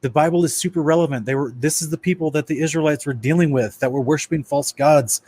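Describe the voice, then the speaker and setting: Speaking quickly in a slightly high voice with a darkish tone, a man presents an informal lecture-style Bible study. He calls his audience "guys" and sometimes stumbles and starts over when reading passages aloud. The recording is dry.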